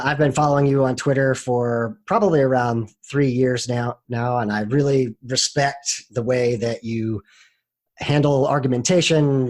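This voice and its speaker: Earnest male podcast host. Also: medium pitch. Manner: measured, earnest, frequent "uh" fillers. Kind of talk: podcast introduction and interview.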